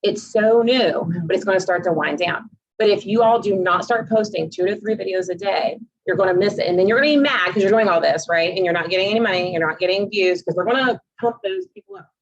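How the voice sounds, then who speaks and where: A woman's voice: medium pitch, fast, hardly any pauses. Chatty woman telling stories, muffled sound. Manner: chatty storyteller who acts out quoted dialogue. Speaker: realtor and social media creator. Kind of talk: casual chat.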